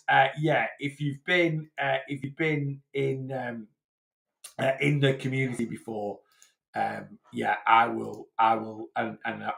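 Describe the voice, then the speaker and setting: Man, Lancashire accent, weight loss coach, live Q&A, gravelly, echoey. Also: mid-range voice, bright, forceful tone. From Blackpool, England. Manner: chatty, rambling, with many fillers and restarts. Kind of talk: live Q&A answering viewer comments.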